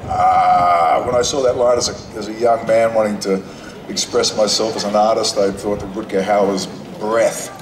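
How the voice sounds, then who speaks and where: On an outdoor convention stage in the sun, a male actor on a panel reflects aloud to a crowd of fans. His voice is lowish and steady at a moderate pace, and his lengthy sentences wind around and restart. The sound is distant and echoey, with crowd noise throughout.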